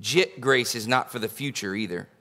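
A man preaches, mid-pitched and conversational. He tells homely stories and jokes with his congregation, folksy and sincere. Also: normal speed, pushed and bright. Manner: folksy storytelling with humor. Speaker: pastor. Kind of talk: sermon. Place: church sanctuary.

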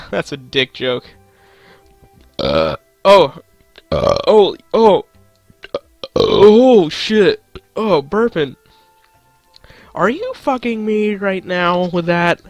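A man's voice: high-pitched, very animated, extremely slow, long pauses, no echo, faint music behind. A young man commentating his own gameplay, joking to himself and swearing at the game. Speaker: gaming channel host.

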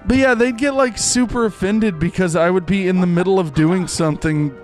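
A young man giving goofy, excitable live commentary while playing a game, rambling with many fillers. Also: high voice, brisk. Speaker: streamer. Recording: faint game music behind.

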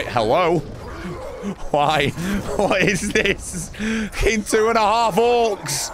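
A man giving excitable, sarcastic commentary over his own gameplay, often swearing. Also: sits high, slow, background noise. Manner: excitable, sarcastic, swearing, frequent yelps and laughs. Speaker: gaming channel host.

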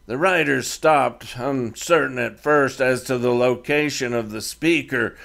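A man narrating his own Western fiction chapter in a measured storytelling read. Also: medium pitch, vocal fry, a bit bright. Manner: slow, measured reading of fiction. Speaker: author and narrator. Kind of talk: scripted narration.

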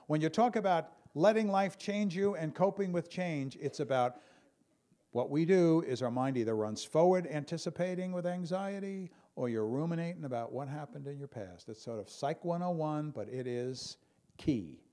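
Animated man doing stand-up comedy. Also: a little high, normal speed. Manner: animated storyteller, mimics calm pilots and a Brooklyn guy. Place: stage before a live audience.

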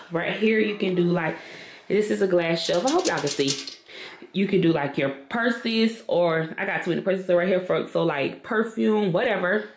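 A woman's voice: fairly low pitch, moderate pace. A woman, chatting casually to her viewers in a home vlog and calling them y'all and girl. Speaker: vlogger. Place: at home, in a walk-in closet. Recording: echoey home room, faint music.

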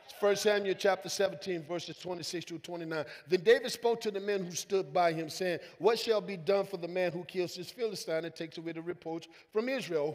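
Preaching a sermon, this high-voiced senior pastor drifts from quiet asides up to loud, emphatic lines, drawing call-and-response from his congregation. He acts out quoted voices in relaxed vernacular, his words ringing with the sanctuary's long reverb.

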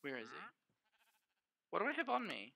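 A young male streamer with a sharp, bright tone and a gravelly, fry-laden edge gives casual gameplay commentary. He chats to his viewers and mutters to himself, swearing freely, and breaks into sudden loud exclamations. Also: fairly high pitch, normal speed. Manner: chatty, sweary, bursts of excited exclamations; talks to the chat and himself as he plays.

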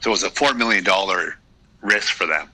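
A man's voice: deep voice, fairly quick, bright, forceful tone, poor audio. A man in his fifties, a podcast guest, telling his story in a candid, reflective way with many restarts. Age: 50s. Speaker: guest, retired hockey player. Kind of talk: casual podcast interview.

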